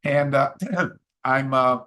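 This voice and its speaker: An older man from Canada telling a story as a podcast guest, halting, with many restarts and fillers. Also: mid-range voice, monotone, bright, forceful tone. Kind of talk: casual storytelling interview.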